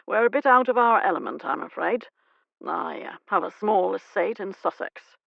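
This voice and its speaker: A woman's voice: medium pitch, lively intonation, moderate pace, gravelly, dry recording, muffled recording. A woman narrator voicing a nervous, fussing older man acting as a doting father. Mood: fatherly.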